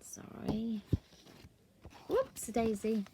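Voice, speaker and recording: A middle-aged woman reading a picture book aloud in a sing-song, gently coaxing way. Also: fairly high pitch, sing-song, extremely slow, noisy background. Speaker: storyteller.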